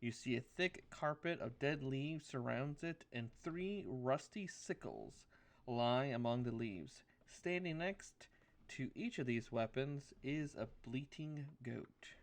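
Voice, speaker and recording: A man narrating as dungeon master in a tabletop game. He speaks slowly at a middle pitch and stumbles through fillers and restarts as he describes the scene. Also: lively intonation. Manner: hesitant, filler-heavy narration.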